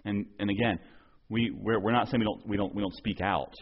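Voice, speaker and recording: A man's voice: lowish voice, fairly even intonation, brisk, muffled recording, slight background noise. A man preaching a sermon as pastor, earnest, often repeating and restarting words as he presses his point.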